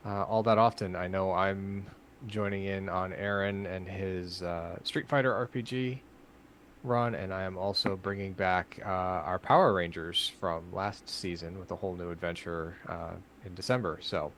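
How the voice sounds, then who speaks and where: A man who runs games on the show, announcing upcoming sessions in casual chat, easygoing and gently teasing. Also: sits low, a little hiss or hum. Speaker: game master and show regular.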